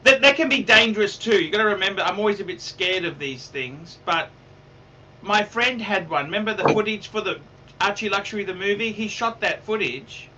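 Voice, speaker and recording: A rambling man hosts a casual livestream, his voice high and strikingly bright. He repeats himself and swears freely. He sits back from the mic, with faint background noise. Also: a little fast, far from the mic, dull audio. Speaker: livestream host.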